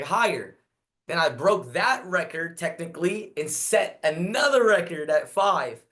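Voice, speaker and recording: A man in his thirties, a podcast guest telling a story in a casual, animated way, repeating himself and acting out what people said. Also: fairly high pitch, normal speed.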